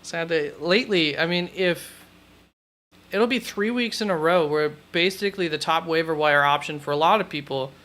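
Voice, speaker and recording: Bright, crisp-voiced man thinking aloud. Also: a little high. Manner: thinks aloud, rambling with self-corrections. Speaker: fantasy football host. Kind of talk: live-stream chat answering questions.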